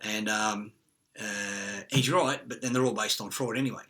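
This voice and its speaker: Man, rambling profane monologue, bright tense voice, lots of fillers. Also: fairly low pitch, steady tone, normal speed. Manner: profane, rambling, acts out quotes.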